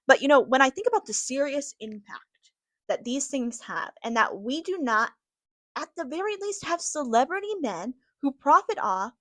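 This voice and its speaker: A woman's voice: a little high, dry recording, clean studio sound. A young adult woman hosting a podcast, ranting candidly, swearing freely, laughing and talking straight to her viewers. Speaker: podcast host. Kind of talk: casual opinion rant.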